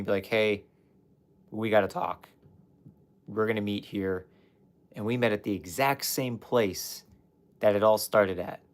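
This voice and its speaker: A young man candidly telling his personal story on a livestream, swearing at times and talking straight to his chat. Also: lowish voice. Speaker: life coach livestreamer.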